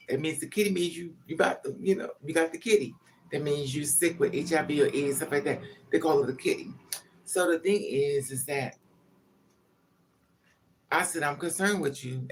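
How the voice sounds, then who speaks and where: A woman telling a personal story to camera in a casual, confessional way. She rambles and repeats herself, swears freely, and gets emotional as she talks. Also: sits low. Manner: rambling, repetitive, emotional and profane.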